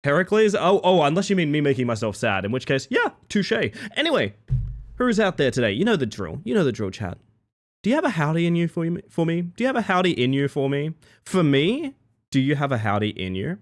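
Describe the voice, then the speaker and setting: Lively, rambling male streamer. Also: a little high, fairly quick. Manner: rambling, playful, greets chat by name. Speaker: live streamer. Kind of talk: casual live-stream chat.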